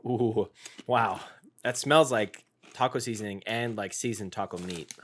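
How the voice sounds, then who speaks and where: A man co-hosting a casual food-tasting podcast, jokey and animated, with loud bursts of excitement. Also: lowish voice, a little slow. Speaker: podcast co-host.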